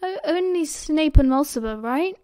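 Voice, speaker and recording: British woman voicing a timid schoolboy, hesitant, nervous, higher voice, audiobook. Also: expressive, unhurried. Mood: worried.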